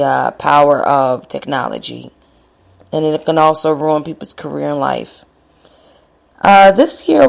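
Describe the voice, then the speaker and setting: A low-pitched woman with a gravelly, creaky edge to her voice tells a personal story at an unhurried pace. She rambles and hesitates, filling gaps with ums and uhs and restarting her sentences, like a podcast host chatting to her subscribers.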